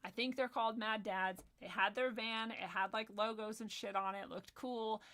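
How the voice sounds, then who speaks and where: A young woman giving heated personal commentary, swearing often and swinging between loud ranting and soft, quiet asides. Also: on the high side, steady tone, moderate pace. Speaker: video commentator.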